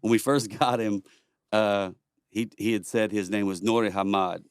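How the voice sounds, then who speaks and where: A man's voice: fairly low pitch, steady tone, moderate pace, clean tone, no room sound, clean studio sound. A middle-aged man telling war stories as a podcast guest, rambling, swearing and laughing often. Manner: rambling, laughs a lot, profane. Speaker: podcast guest, former Marine. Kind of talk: casual storytelling chat.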